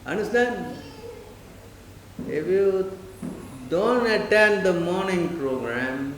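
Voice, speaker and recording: A preacher delivers a sermon in a temple hall, speaking slowly in a high-sitting voice with frequent pauses. He keeps quizzing listeners with short questions like "Understand?" and "Huh?" and briefly mimics others in put-on voices. The roomy hall has a faint hiss.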